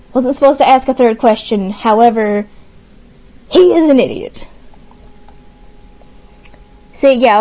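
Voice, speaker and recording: A woman's voice: fairly high pitch, warm tone, rough recording. Giggly young woman with a Southern accent. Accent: Southern US (Arkansas). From Arkansas. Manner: giggly, nervous, reacting between read-out lines. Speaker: streamer. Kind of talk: casual reading aloud to viewers.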